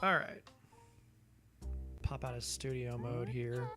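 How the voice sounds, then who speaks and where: A woman's voice: extremely low pitch, fairly even intonation, slow, over music. A woman streamer casually commenting on her game at a desk microphone, muttering asides and swearing now and then.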